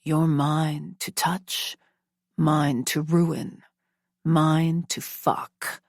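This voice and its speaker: A woman voicing a cold, dangerous, dominating man in a romance audiobook, in a slow, low, menacing murmur. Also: flat delivery, darkish tone, dry recording, studio quality, heavily acted.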